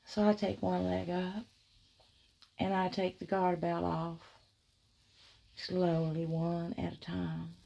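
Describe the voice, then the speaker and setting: A woman telling a first-person erotic story, drawing out her words with soft murmurs and frequent giggles. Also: fairly low pitch, level tone, slow, gravelly, long pauses.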